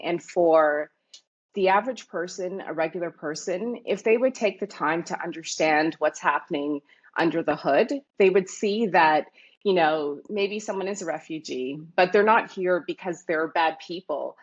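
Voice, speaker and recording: A woman from Canada speaks as an interview guest, with a low, husky voice. She tells stories in an animated, thoughtful way, with plenty of fillers. The recording sounds dull and lo-fi. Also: normal speed. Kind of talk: casual interview talk.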